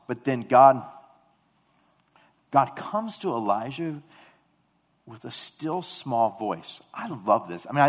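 Dynamic male preacher in a reverberant hall. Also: mid-range voice. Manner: swings from loud fervent emphasis to hushed near-whispers. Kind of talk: sermon.

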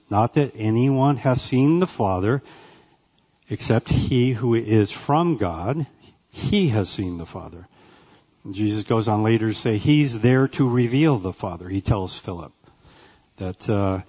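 A man teaching a Bible class in a conversational way, often checking in with "right?" and "okay?" and pausing with "uh" between phrases. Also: fairly low pitch, a little mellow, dull audio.

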